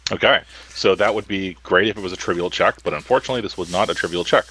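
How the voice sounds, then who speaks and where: A man narrating as game master for a tabletop game, relaxed and hesitant with many ums. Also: low voice, quick pace, breathy edge, rough recording.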